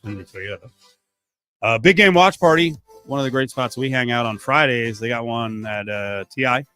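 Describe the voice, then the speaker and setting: A middle-aged man hosting a sports radio show in a studio, joking and animated. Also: mid-range voice, normal speed, soft background music. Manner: animated, joking, swings from mutter to near-shout. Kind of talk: casual sports talk. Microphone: studio mic.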